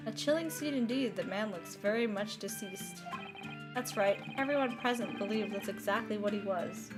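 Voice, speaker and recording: A woman voicing a dutiful male police detective with an English accent, giving brisk, eager testimony. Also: medium pitch, music in the background, voice pushed down, lightly acted. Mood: reporting.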